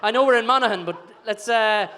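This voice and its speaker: A man's voice: sits high, quick pace, bright, forceful tone, slight background noise. A man hosting an awards night, joking and teasing the guests on stage before a live audience. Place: event hall with a live audience.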